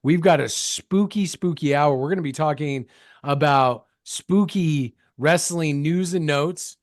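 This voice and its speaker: A man co-hosts a comedy wrestling podcast with hammy, mock-grand emphasis. His voice sits a little high. He is recorded close and dry. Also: unhurried, no echo. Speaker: co-host.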